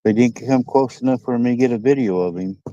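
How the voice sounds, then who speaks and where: A man's voice: mid-range voice, quick pace, dark tone, no room sound. A rambling, folksy man with a Midwestern American accent talks to his live-stream viewers from a lakeside dock. The sound is dull and lo-fi, with a dry, close feel and no room around it. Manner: rambling, folksy, chats to viewers and reads comments. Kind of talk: casual live-stream chat while fishing. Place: outdoors by a lake dock. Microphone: phone.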